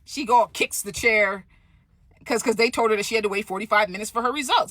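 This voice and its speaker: A woman telling a story in a casual vlog, animated and profane, often asking "right?". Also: a little high, fairly quick, no echo.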